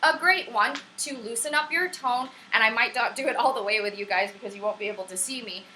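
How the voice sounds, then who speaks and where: A woman's voice: on the high side, fairly quick, pushed and bright, a little hiss or hum, low-quality recording. A young woman at home teaching a casual online singing lesson, chatty, encouraging and prone to tangents. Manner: upbeat and encouraging. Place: at home on camera.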